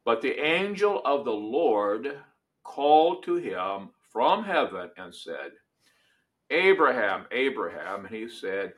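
Man, preacher, sermon, very slow, deliberate, emphatic scripture reading. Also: fairly low pitch, fairly bright tone.

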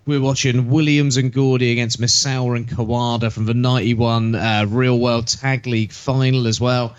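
A man's voice: mid-range voice, no echo, muffled recording. A man co-hosting a podcast, chatting bluntly and casually and swearing now and then. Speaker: podcast co-host. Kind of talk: casual chat.

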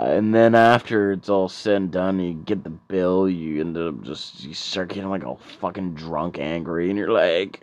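A man's voice: sits low, a little slow, hardly any pauses, a little mellow, no echo. A man doing a stand-up comedy set, rambling and profane with stammering repeats.

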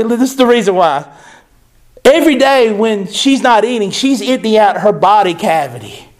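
A man preaching a sermon, emphatic and repeating phrases for stress. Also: sits high.

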